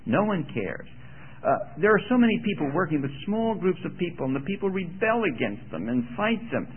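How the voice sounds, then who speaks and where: A man's voice: high-pitched, sing-song, a little fast, slight background noise. A man teaching a sermon in a conversational way, asking his listeners questions as he goes. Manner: conversational, asks the audience questions. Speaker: preacher. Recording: tinny lo-fi radio broadcast.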